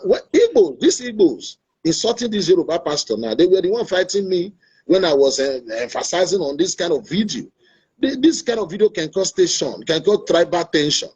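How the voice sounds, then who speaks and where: A man's voice: sits high, very animated, normal speed, darkish tone, husky. A Nigerian man hosting an online talk show, earnest and preachy, repeating his points. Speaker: show host. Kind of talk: opinionated talk-show monologue. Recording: dull lo-fi online stream audio.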